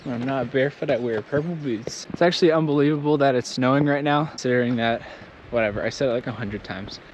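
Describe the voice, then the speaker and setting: A man's voice: mid-range voice, muffled recording. Joking man vlogging in the wind. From Southern United States. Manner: joking, rambling, slow from the cold. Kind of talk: casual vlog talk. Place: windy mountain outdoors. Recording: wind noise outdoors.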